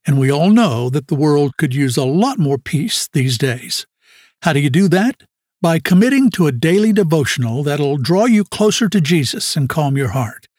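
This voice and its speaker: A male announcer reading a scripted radio ministry promo in a smooth promotional manner. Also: fairly high pitch, big pitch swings, moderate pace, a little mellow, no room sound, clean studio sound.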